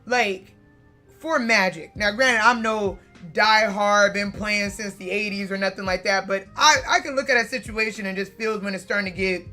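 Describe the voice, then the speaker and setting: Chatty woman vlogger, sharp bright voice, swears a lot, bit of music low in the back. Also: moderate pace. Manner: animated, chatty, profane, frequent fillers. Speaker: card-collecting vlogger. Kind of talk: casual storytelling to camera.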